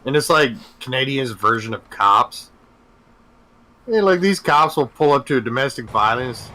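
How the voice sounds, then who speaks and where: A man's voice: medium pitch, lively intonation, moderate pace, pushed and bright. A man chatting casually and joking crudely while playing a farming game. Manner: joking, profane. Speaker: gamer. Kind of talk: casual gaming chat.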